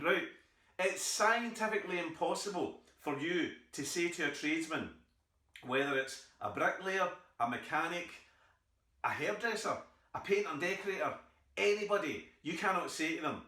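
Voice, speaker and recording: Scottish stand-up comic, middle-aged male, bright and a bit high, mimics his characters; heard from afar in a reverberant hall. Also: normal speed. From Scotland. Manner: storytelling, acting out others' voices. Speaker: stand-up comedian. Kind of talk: stand-up routine. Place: theatre stage. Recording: echoey theatre from far off.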